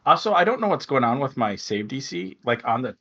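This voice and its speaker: A man's voice: medium pitch, sing-song, brisk, fairly bright tone. A man playing in an online tabletop game, puzzling over his character's numbers. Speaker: player. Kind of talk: casual tabletop game play. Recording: lo-fi online call audio.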